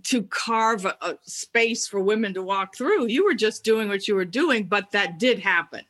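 A bright-toned woman hosts a casual podcast interview. She listens with support and affirms her guest again and again. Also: medium pitch, expressive, moderate pace. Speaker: podcast host.

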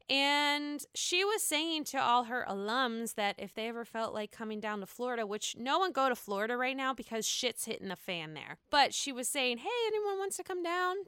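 A woman hosts a casual gossip podcast in a sassy, cussing style, tossing out "honey" all the time. Her voice sits a little high and rings bright and smooth. It is recorded dry and close on the mic. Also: no echo. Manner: sassy and profane, keeps calling the listener honey. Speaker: podcast host. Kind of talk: casual reality-TV gossip chat.

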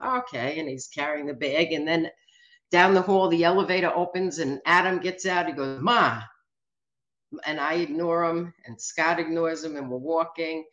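A woman in her seventies, appearing as a guest, tells stories in a brash, joking, animated way. Her voice is low and her pace normal, captured on lo-fi sound in a casual storytelling setting.

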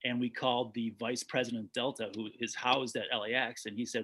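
A man's voice: medium pitch, little pitch movement, fairly quick, bright, forceful tone, husky. A man, a documentary director, telling stories in a casual interview, rambling with frequent restarts.

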